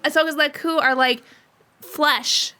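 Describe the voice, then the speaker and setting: Bright, high-voiced woman podcast co-host. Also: steady tone, a little slow. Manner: enthusiastic fan talk with hesitant restarts. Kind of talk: casual chat.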